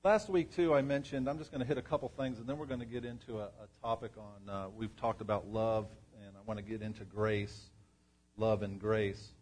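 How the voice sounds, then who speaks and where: A man's voice: fairly low pitch, steady tone, a little fast, a little mellow, breathy edge. Man preaching a conversational sermon. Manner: conversational, asks the congregation questions. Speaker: pastor. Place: church before a congregation.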